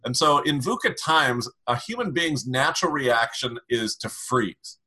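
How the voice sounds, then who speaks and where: Bright, husky-voiced man coaching calmly. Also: medium pitch, a little slow. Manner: calm, emphatic, advisory. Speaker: communication expert. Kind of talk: coaching explanation in an interview.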